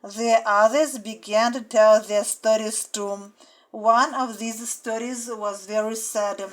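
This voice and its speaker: A woman reading a graded storybook aloud in a careful, deliberate way, with translated lines in between. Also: on the high side, steady tone, rough recording. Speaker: reader.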